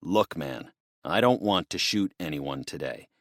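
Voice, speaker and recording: A man's voice: deep voice, lively intonation, measured pace, no room sound, clean studio sound. A man voicing a middle-aged ex-Marine truck driver who speaks in a clipped, firm military command voice.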